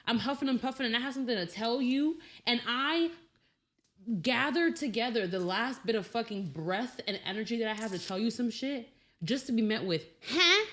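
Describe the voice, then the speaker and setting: Woman guest, frank and exasperated, with a fairly high, lively voice. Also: brisk. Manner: frank, exasperated, swears freely. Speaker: podcast guest, host's girlfriend. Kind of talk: casual chat.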